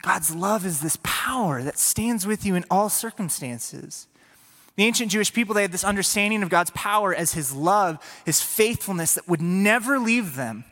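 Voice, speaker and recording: A pastor giving an energetic, playful sermon to a congregation in a church. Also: male voice, sits high, normal speed. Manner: energetic, playful, speaks to the audience. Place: church sanctuary before a congregation. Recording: long reverb of a large hall.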